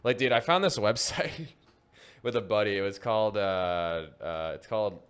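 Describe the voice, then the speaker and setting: A man with a lowish, fairly bright, smooth voice hosts a podcast at a moderate pace from a studio. He chats casually and rambles, packing in fillers and laughing often.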